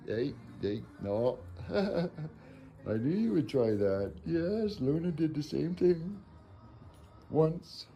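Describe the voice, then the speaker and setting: A man hosting a casual live stream at home, coaxing his pets in a high sing-song voice and dropping in Spanish words. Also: expressive, slow, dark tone, faint music behind. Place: home kitchen.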